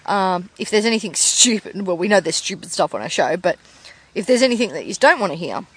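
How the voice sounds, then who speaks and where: A woman's voice: medium pitch, expressive, a little fast, breathy edge. An Australian woman co-hosting a podcast in casual chat, a rambling joke-teller who giggles often. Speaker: podcast co-host.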